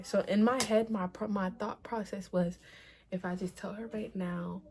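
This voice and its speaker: A woman's voice: medium pitch, fairly even intonation, normal speed, darkish tone, a little hiss or hum. A young woman vlogger telling a personal story to viewers in a dramatic, profane way, with frequent asides to them. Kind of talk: storytime vlog.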